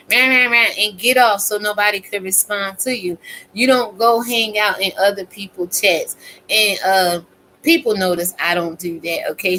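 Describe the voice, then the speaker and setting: Blunt, bright-voiced woman in her fifties. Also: mid-range voice, slight background noise, rough recording. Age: 50s. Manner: blunt, emphatic, heavy cursing. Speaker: vlogger. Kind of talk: profane casual rant.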